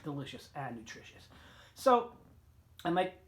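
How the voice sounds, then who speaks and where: A middle-aged man vlogging a casual, rambling story, swearing often, with sudden jumps in pitch and loudness. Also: sing-song, moderate pace.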